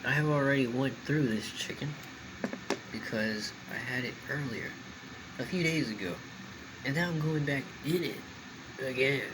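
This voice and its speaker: Talking with his mouth full, a man eats slowly on camera and chats casually for his mukbang vlog. His voice is medium-pitched, and background noise can be heard.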